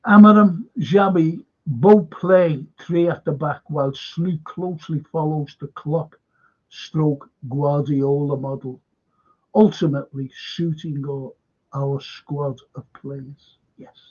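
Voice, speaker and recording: Slow-talking husky man reading live chat. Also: on the high side, steady tone, a little mellow. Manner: reads viewer comments aloud, chuckling, swears casually. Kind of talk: casual live-stream chat. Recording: dull lo-fi stream audio.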